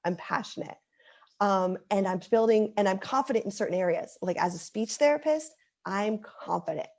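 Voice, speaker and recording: A woman's voice: mid-range voice, moderate pace, darkish tone. A woman in her thirties speaking as an interview guest, earnest and heartfelt, with many likes and ums. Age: 30s. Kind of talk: casual interview chat.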